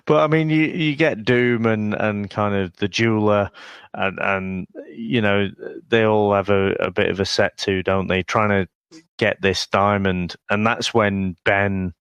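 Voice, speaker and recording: A man co-hosting a casual film chat, wry and relaxed, often ending remarks with a question. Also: lowish voice, a little slow, clean tone, no echo. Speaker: podcast co-host.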